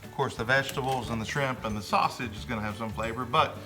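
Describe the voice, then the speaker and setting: A man narrating his home cooking in a relaxed, chatty way, with many fillers. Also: medium pitch, fast, over music. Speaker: home cook.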